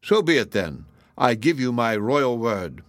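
A man's voice: medium pitch, big pitch swings, a little slow, no echo. A man voicing a stern, commanding king in a storybook reading, given to abrupt outbursts. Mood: regal.

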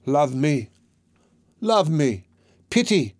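A man's voice: fairly high pitch, big pitch swings, extremely slow, a little mellow, no room sound, studio quality, voice pushed up, exaggerated voice. A man doing a desperate, pleading priest. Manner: pleading, passionate, panting. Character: desperate, obsessed older male priest, pleading.

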